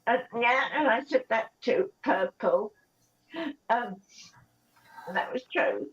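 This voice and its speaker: A woman on a live panel, upset and tearful, talking haltingly with many ums and restarts. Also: on the high side, muffled recording. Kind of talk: emotional casual chat.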